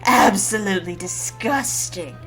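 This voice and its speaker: A woman voicing a grumpy, impatient male bird judge, reading game dialogue in a gruff, cranky manner. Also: medium pitch, fairly bright tone, faint music behind, lightly acted. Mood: irritated. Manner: gruff and cranky, quick to anger.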